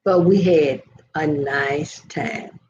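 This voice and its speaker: A woman's voice: low-pitched, slow, darkish tone. An older woman hosting a casual vlog, telling a meandering story and talking straight to her live viewers. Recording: dull lo-fi sound with faint noise.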